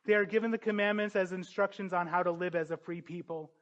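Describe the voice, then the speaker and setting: A man preaching a sermon, earnest and emphatic, building to forceful peaks. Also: high-pitched, fairly even intonation, fast talker, highs cut off.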